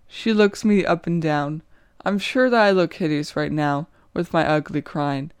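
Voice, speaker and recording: Young woman, low voice, smooth and clean, dry close sound, first-person story reading. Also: a little slow, no room sound. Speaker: author reading her own short story.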